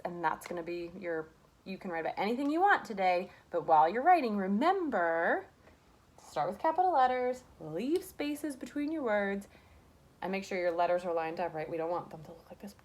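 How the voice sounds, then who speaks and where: A woman's voice: medium pitch, very animated, moderate pace. A young woman teaching a kindergarten class remotely from home, in a sing-song, encouraging way with lots of rhetorical questions, recorded on a camera mic. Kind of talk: remote lesson to young children.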